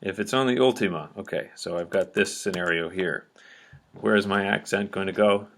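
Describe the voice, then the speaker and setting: A man with a somewhat low voice walks through a lesson at a patient pace. He explains each step and keeps checking that his listeners are following along. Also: moderate pace, gravelly, fairly bright tone, slight background noise. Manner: patient, checks understanding often with "okay?". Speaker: teacher. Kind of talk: explanatory lecture at a board.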